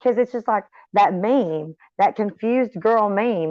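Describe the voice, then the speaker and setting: Speaking slowly yet with hardly any pauses, a middle-aged woman with a medium-pitched voice chats casually to her viewers as a vlogger, swearing freely and meandering into tangents. There's no room sound, and the recording is dry and slightly dull.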